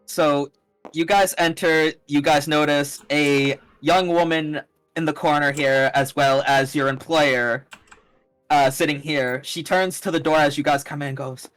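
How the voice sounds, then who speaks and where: Young male game master, casual and halting, high-ish voice, dry mic. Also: fairly even intonation, a bit bright, no room sound, soft background music, low-quality recording. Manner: casual, halting, many fillers and restarts. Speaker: dungeon master. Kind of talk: narrating a tabletop game.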